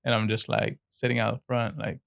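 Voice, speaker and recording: A man co-hosting a podcast, telling an animated story in casual chat, acting out quotes and laughing often. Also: fairly low pitch, normal speed, creaky, smooth.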